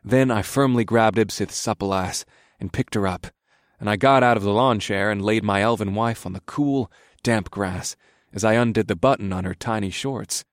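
A man narrating an erotic story in the first person, in a steady, subdued reading voice. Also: fairly low pitch, normal speed, no echo, studio quality.

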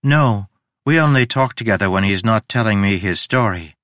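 A man's voice: on the low side, animated, normal speed, fairly bright tone, no echo, studio quality. A man voicing a polite, formal, literal-minded male ship AI in an audiobook, precise and courteous. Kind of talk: audiobook character reading.

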